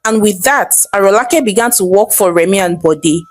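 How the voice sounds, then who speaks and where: A woman with a Nigerian accent narrating a folktale in a lively, chatty way. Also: medium pitch, normal speed. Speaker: storyteller. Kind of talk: storytelling narration.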